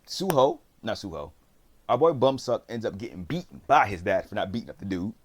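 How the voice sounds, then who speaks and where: A man's voice: fairly low pitch, sing-song, brisk. A man casually recapping a TV series, rambling in slang and acting out what the characters say. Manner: slangy, rambling storyteller who acts out quotes. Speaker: drama reviewer.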